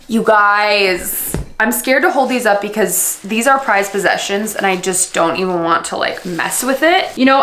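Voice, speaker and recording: A woman's voice: on the high side, fairly bright tone, roomy sound, slight background noise. A young woman in her twenties chatting casually in a vlog, gushing and full of fillers as she unboxes things. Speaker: book vlogger.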